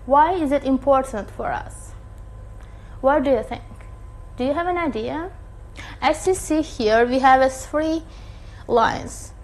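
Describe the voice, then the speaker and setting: Female English teacher, high and unhurried, online class delivery. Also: rough recording. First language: Turkish. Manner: slow, deliberate teacher talk with frequent checks. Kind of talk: online lesson.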